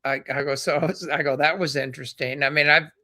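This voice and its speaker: Man guest, chatty storyteller, bright forceful voice, laughs between stories. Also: on the high side, steady tone, a little fast. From American desert. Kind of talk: casual conversation.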